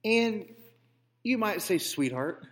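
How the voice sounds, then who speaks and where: A man's voice: mid-range voice, animated, moderate pace, fairly bright tone. A man co-hosting a comedic banter show, telling stories in a playfully pompous, mock-grand manner. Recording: long hall reverb.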